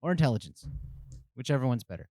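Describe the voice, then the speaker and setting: A man running a tabletop game as game master, halting with frequent ums and uhs. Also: medium pitch, animated, mellow, dry recording, clean studio sound.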